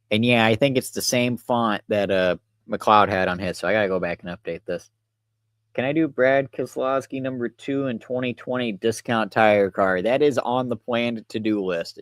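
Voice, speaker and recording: Low-voiced young man streaming casually. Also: normal speed, no room sound, studio quality. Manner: relaxed, rambling, talks to chat while working. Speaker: livestreamer. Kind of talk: casual livestream commentary.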